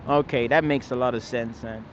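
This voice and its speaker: A man's voice: medium pitch, fairly even intonation, brisk, dull audio, a little hiss or hum. A man speaking in an outdoor park debate, emphatic and casually profane, who keeps pressing listeners with "you understand, man?". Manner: swears casually. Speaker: street speaker at a public speaking corner.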